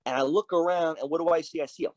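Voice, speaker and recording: A man's voice: a little high, steady tone, very fast, darkish tone, no room sound. A man, a biker club's sergeant at arms, telling stories as a podcast guest. He swears freely and acts out the dialogue. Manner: profane, vivid storyteller who acts out quoted dialogue. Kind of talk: storytelling in a casual interview.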